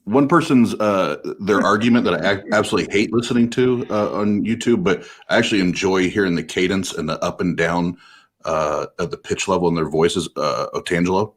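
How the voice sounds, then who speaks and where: Low-voiced man chatting casually. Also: a little fast. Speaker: channel host who runs debates. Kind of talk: casual group chat.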